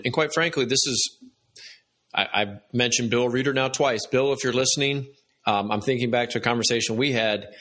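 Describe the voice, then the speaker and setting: A man's voice: medium pitch, sharp tone. A man hosting a business interview, asking rambling, hesitant questions. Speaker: podcast host.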